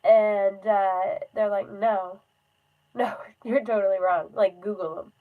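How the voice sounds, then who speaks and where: A woman's voice: mid-range voice, fairly even intonation, slow pace, narrow, tinny audio. A young woman chatting casually on a phone livestream, rambling with lots of fillers and frequent laughs. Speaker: livestream host.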